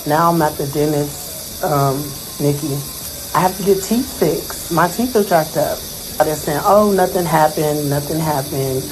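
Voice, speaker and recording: A man's voice: fairly high pitch, a little slow. A man speaking on a livestream from a dentist's office, emotional, earnest and defensive, rambling and repeating himself. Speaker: social media personality speaking on a livestream. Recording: noisy phone livestream audio.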